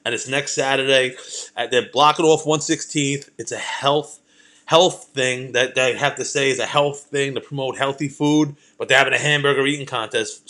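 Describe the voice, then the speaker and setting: A man, hosting a comedy podcast and telling rambling, profane stories in a casual monologue. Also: medium pitch. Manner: profane, rambling, animated anecdotes.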